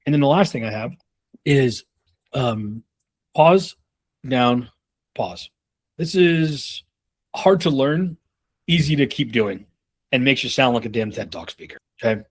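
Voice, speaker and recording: A man's voice: mid-range voice, expressive, a little slow, long pauses, husky. A man in his thirties coaching on a call, casual and rambling, with many fillers and restarts. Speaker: sales leadership coach.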